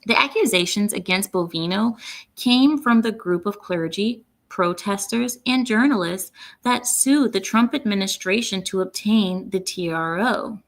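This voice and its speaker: A woman's voice: medium pitch, measured pace. A woman hosting her own commentary channel, talking through the news in a sarcastic, mocking way with lots of fillers and restarts. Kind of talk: opinionated political commentary.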